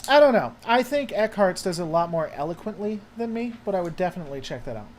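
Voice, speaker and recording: A man's voice: high-pitched, sing-song, fast, slight background noise. A man hosting a casual livestream chat, rambling and heavily sarcastic as he answers viewers. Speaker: host.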